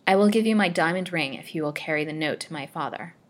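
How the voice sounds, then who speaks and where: A timid young captive woman who pleads and bargains, read aloud by a woman. Her voice is soft and imploring. It sits low for a woman in this old-fashioned storybook. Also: fast talker, lightly acted. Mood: pleading. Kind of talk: storybook reading.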